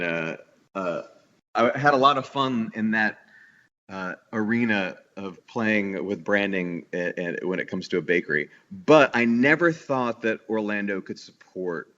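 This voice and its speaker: A man's voice: on the low side, fairly bright tone, muffled recording. A man from the New York area talking as a business owner in a casual podcast interview, eager and rambling with many restarts. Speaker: guest, bakery owner.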